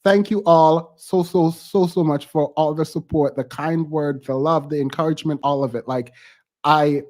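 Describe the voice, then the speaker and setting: A man hosting a live stream, touched and thankful, halting and close to tears as he signs off with casual talk. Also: a little high, steady tone, a little mellow.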